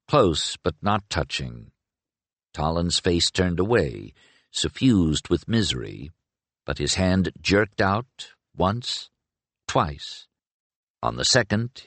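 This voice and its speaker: A man narrating an audiobook with a measured, expressive reading. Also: low-pitched, dry recording. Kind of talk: scripted narration.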